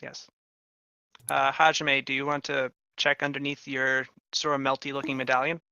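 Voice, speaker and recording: A man narrating a tabletop game as game master, slow and deliberate. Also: mid-range voice, level tone, vocal fry, pushed and bright, clear, resonant tone, no echo, dull audio.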